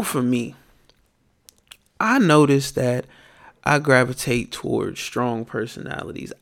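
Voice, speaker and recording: A man's voice: mid-range voice, vocal fry. A man hosting his own podcast, telling a story in a casual monologue and ranting with plenty of profanity. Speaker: podcast host.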